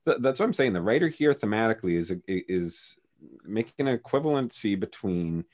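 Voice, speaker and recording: Man, podcast co-host, casual chat, very low voice, rambling, lots of restarts. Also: animated, brisk, darkish tone.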